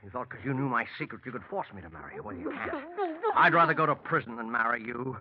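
A man's voice: medium pitch, lively intonation, fast, muffled recording, crowd noise, natural voice. An actor playing a cold, taunting man who plans to murder his fiancée, in 1940s radio acting. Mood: gloating. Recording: hissy old radio recording.

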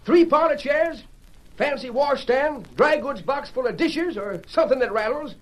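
An actor playing a cantankerous old frontier handyman with a raspy, drawling voice, in 1940s radio acting style. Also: very high-pitched, lively intonation, normal speed. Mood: defensive. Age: older. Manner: drawling, flustered, full of homespun sayings.

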